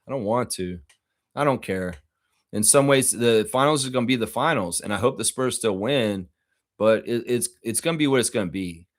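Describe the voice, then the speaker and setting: A man's voice: medium pitch, normal speed. Profane ranting man. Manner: reads viewer comments aloud. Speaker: live stream host. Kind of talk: ranting reaction stream.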